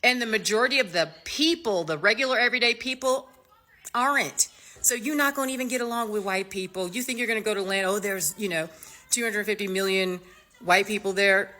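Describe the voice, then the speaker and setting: A woman from the United States giving a casual opinion monologue as a commentator, animated and mocking, with slangy asides. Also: medium pitch, brisk.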